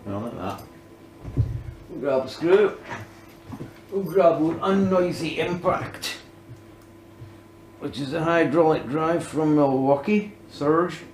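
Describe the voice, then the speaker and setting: A man's voice: a little high, animated, takes it slowly, pauses often, reverberant, heavy background noise. A man filming a casual woodworking demonstration, talking himself through each step and often muttering under his breath. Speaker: DIY woodworking vlogger.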